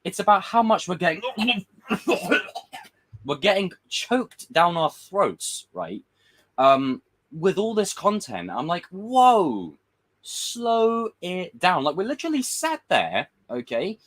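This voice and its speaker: A man's voice: fairly high pitch, huge pitch swings, a little slow, fairly bright tone. A man giving a casual, frustrated livestream rant as a film commentator, swearing and acting out quotes.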